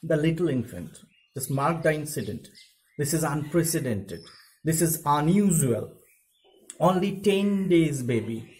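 A man's voice: a little high, animated, measured pace, a little mellow, poor audio. A male English teacher with an Indian accent, reading a story aloud and paraphrasing it for students, with frequent fillers. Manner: reads a passage aloud, then paraphrases with many fillers. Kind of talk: explaining a literature text in a recorded lesson.

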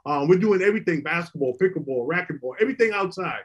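Husky high-voiced middle-aged man. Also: animated, quick pace, dull audio. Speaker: former basketball player, recovery program founder. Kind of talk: casual storytelling.

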